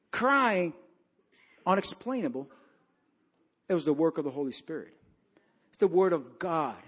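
A man with a high voice delivers a sermon as a storytelling preacher. He moves between loud, emphatic bursts and low, hushed stretches. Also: husky. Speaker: pastor.

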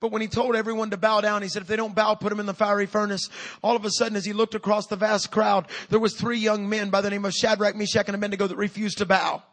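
A man in his fifties, a pastor preaching a sermon with energy and humor, building up to loud calls to his church. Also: high-pitched, little pitch movement, fast.

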